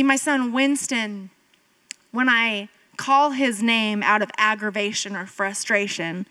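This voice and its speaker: A woman pastor in her thirties gives a sermon like she's telling a story to friends. Her voice sits fairly high and her delivery is slow and unhurried. She fills it with casual asides and jumps up in pitch to drive a point home. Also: poor audio. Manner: animated storytelling, jumping up in pitch for emphasis; conversational, with filler "like" and asides.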